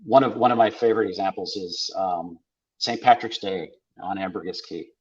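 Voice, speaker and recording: A man's voice: deep voice, moderate pace, breathy edge. An older man from South Dakota, a podcast guest, telling wry anecdotes in casual conversation and quoting people's lines back and forth. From South Dakota, USA. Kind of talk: casual storytelling. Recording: dull lo-fi audio.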